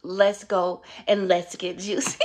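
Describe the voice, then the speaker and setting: Chatty woman with a gravelly voice. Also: medium pitch. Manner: warm, chatty and upbeat, with many fillers. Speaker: wellness vlogger. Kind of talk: casual motivational vlog.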